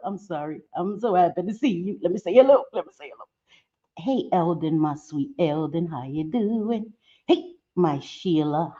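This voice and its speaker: A woman's voice: on the low side, dark tone. A woman hosting a casual livestream, chatting and greeting her viewers by name. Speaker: livestream host. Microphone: computer mic on a livestream. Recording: dull lo-fi stream audio.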